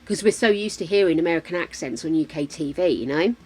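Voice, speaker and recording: A woman's voice: deep voice, animated, fast, a little mellow, slightly rough. An English woman streaming a game, chatting casually and thinking aloud as she plays, laughing often. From England. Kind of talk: casual chat while playing.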